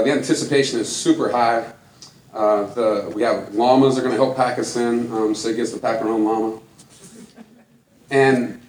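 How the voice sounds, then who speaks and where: A man's voice: medium pitch, a little mellow, slight background noise. A middle-aged man giving an earnest, folksy story-driven talk to an audience as a conservation speaker. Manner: earnest, folksy, laughs between points. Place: large room before an audience. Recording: echoey hall, mic from far off.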